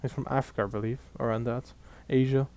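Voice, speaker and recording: A young man, ranting casually and profanely to camera in an exasperated, animated way. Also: medium pitch, fast talker. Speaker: vlogger.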